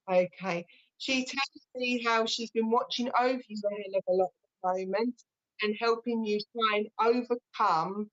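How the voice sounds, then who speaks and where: A British woman working as a medium, giving a live reading in a gentle, reassuring way that often restarts mid-sentence. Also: medium pitch. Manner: gentle and reassuring, relays messages with frequent restarts. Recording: slightly dull lo-fi sound.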